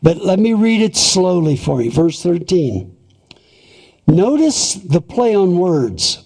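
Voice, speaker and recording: A man preaching a sermon, reading scripture and explaining it deliberately, posing and answering short rhetorical questions. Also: high-pitched, sing-song, a little mellow. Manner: deliberate, emphatic Bible exposition, repeating rhetorical questions.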